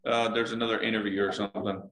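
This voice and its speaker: A man's voice: lowish voice, little pitch movement, fast talker, fairly bright tone. Chill guy guest rambling, you know, roomy echo on a video call. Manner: laid-back, rambling, lots of "you know". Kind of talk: casual interview chat. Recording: echoey room over video call.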